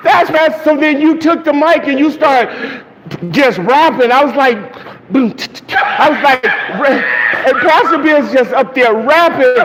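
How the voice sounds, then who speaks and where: A man, a pastor, animatedly telling a funny dream story to his congregation, laughing and acting out the crowd. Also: very high-pitched. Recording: long reverb, dull lo-fi sound, faint noise.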